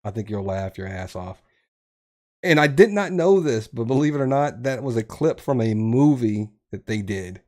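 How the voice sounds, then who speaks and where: A man's voice: medium pitch, animated, moderate pace, a little mellow. A man from the US South with a Southern accent, hosting a casual chat and rambling as he searches for words. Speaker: podcast host.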